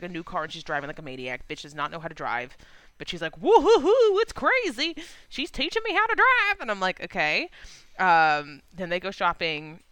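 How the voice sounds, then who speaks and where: Podcast co-host, woman, bright and lively, crisp dry close sound. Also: no echo. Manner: animated, swears freely, acts out characters in high voices. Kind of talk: casual movie discussion podcast.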